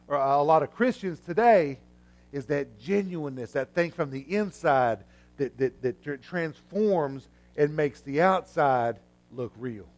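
Preacher guy telling a story in his sermon, kinda high voice, goes quiet then loud. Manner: storytelling with acted-out voices, swinging from hushed to loud. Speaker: pastor.

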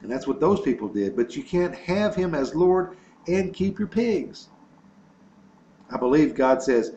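A man's voice: fairly high pitch, expressive, unhurried, dark tone, a little hiss or hum. Man preaching in an echoey, dull-sounding room. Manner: earnest preaching with repetitions and storytelling. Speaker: pastor. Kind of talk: sermon.

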